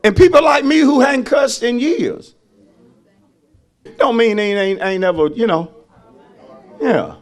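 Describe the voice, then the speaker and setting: A man preaching as a pastor, calling out to the congregation and rising to shouted peaks. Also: very high-pitched, slow, long pauses. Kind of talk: sermon.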